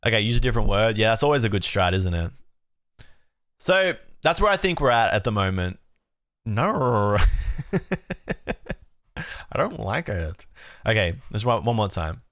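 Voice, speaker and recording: A young Australian man chatting casually on a live stream, relaxed and talky, redoing his outro lines. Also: on the low side, a little fast, clear, resonant tone, no room sound, studio quality. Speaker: streamer and card collecting host.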